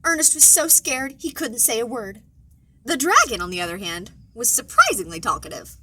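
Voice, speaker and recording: Bright lively lady reading a kids story, super playful and expressive. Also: high voice, normal speed, slightly rough, poor audio. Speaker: children's librarian. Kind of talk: children's storytime read-aloud.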